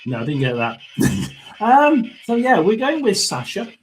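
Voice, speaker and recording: Chatty man, lively rising voice. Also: sits high, measured pace, slight background noise. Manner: chatty, muttering asides, frequent throat clearing. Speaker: tarot reader and spirit box host. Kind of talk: casual live reading.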